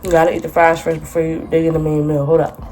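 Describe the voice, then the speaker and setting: A woman's voice: low-pitched, completely flat delivery, quick pace, warm tone, a little hiss or hum. A young woman vlogging casually from her phone, chatty and exasperated, full of slang. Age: young adult. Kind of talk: casual storytime vlog. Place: outdoors on a city street.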